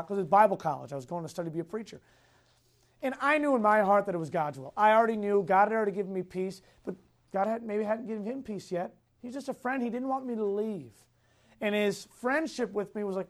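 Speaking quickly in a high voice, a man who teaches youth Bible classes runs a Sunday school lesson. He returns to key points, quizzes the group, and chuckles a lot while recounting personal stories.

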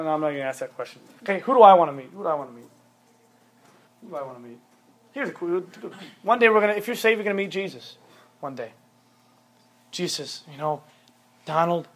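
High-voiced, blunt male youth preacher. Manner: emphatic, repetitive, blunt. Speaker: youth pastor. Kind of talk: sermon to young people.

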